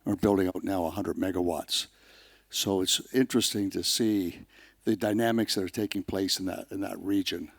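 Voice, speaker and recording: A man's voice: sits low, steady tone, normal speed, gravelly, no room sound, clean studio sound. A man in the audience who invests in mining, commenting in a hesitant conversational way.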